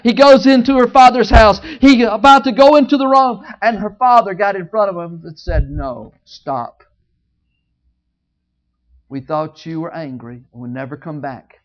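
A preacher telling a Bible story in a sermon, swinging between loud, high outbursts and hushed low asides, joking with the congregation. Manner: jokes with the congregation. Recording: dull lo-fi recording.

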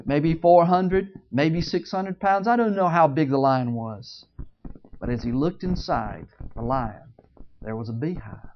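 Preacher retelling a Bible story, dramatic swings from loud to hushed, jokey asides, mid-pitched, dull lo-fi recording. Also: unhurried, a little hiss or hum. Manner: jokes with the congregation. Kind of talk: storytelling sermon.

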